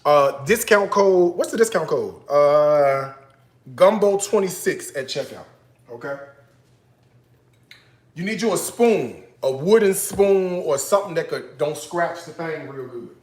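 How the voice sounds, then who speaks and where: A man hosts a relaxed cooking show and talks straight to his audience, teasing them in a playful way. He grew up in Chicago. His voice sits a little high for a man. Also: a little slow, roomy sound. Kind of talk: casual live cooking chat to viewers.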